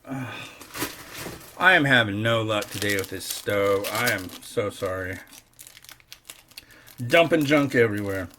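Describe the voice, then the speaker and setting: Middle-aged guy rambling slow in his home kitchen, chatty and wry, lots of crinkly noise behind him. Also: on the low side. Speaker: host. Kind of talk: casual cooking vlog chat. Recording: noisy kitchen with clicks and crinkling.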